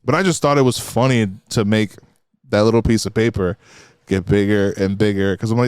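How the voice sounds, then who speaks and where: A young man chatting on a podcast, telling an animated, swear-filled story and acting out the other people's lines. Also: on the low side, fairly quick, smooth, no echo. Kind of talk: casual podcast chat. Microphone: studio mic.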